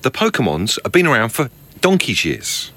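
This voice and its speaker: Bright, lively-voiced man co-hosting. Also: medium pitch, moderate pace. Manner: cheeky, teasing banter. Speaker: podcast co-host. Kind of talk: casual chat.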